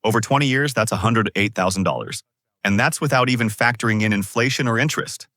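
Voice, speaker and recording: A man reading jokes as a lively storyteller. His voice sits lowish but sounds bright, with big swings in pitch. The sound is dry and close. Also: fast talker, no room sound. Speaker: joke narrator. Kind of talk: scripted joke narration.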